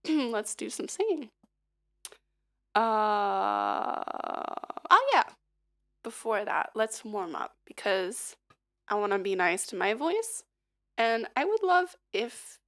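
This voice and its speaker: A hoarse woman singer and livestreamer chatting casually and leading a vocal warm-up, rambling with lots of fillers and little laughs. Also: a little high. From United States.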